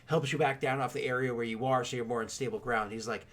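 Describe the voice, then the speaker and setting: A man narrating a tabletop game as game master, telling the scene in an animated way with lots of loose filler words. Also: mid-range voice, fast talker.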